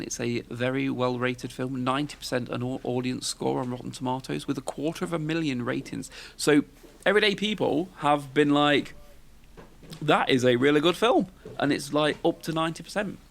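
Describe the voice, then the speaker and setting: A man's voice: medium pitch, steady tone, fairly quick, creaky, a bit bright. A man, hosting a podcast in casual, rambling chat and tossing questions to his co-host. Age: 40s.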